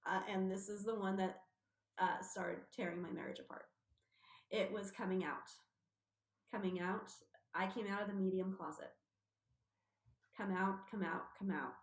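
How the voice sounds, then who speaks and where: A woman talks through her experiences on a radio show, acting out what people said to her. Her voice sits at an ordinary pitch. The room around her rings with echo. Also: normal speed, pauses often. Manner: animated storyteller, acting out quotes. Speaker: guest, intuitive medium. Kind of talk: casual radio interview.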